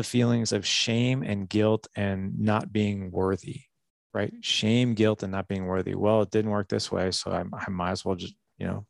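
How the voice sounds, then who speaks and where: A man's voice: fairly low pitch, fairly even intonation, moderate pace, creaky, no room sound, studio quality. A man speaking as a guest on a faith-based podcast, earnest and a little emotional, often repeating his words as he reflects.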